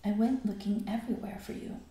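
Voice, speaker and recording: A woman voicing a loving, excitable mother hyena in a storybook read-aloud, doting and full of exclamations. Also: mid-range voice, fairly quick, echoey room, close to an everyday voice. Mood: fretful.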